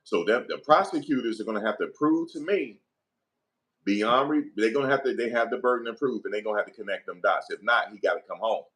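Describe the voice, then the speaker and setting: A man's voice: lowish voice, brisk, a bit bright. A middle-aged man, giving heated opinion commentary in an emphatic, profane, repetitive rant.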